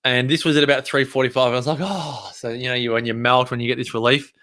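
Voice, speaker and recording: A man with an Australian accent telling a story in a chatty, animated way. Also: medium pitch, quick pace, clean tone. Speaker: vlogger. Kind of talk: casual storytelling.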